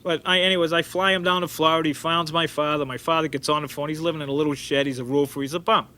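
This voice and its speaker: Animated man telling stories. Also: fairly high pitch, quick pace. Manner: rambling and animated, with frequent restarts and acted-out quotes. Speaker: interview guest. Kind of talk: storytelling interview.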